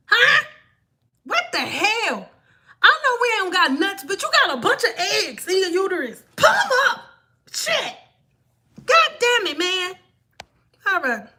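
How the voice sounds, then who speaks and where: Blunt, high-voiced woman ranting on a livestream. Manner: blunt, profane, animated ranting. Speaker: hair stylist hosting a livestream. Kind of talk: casual livestream rant.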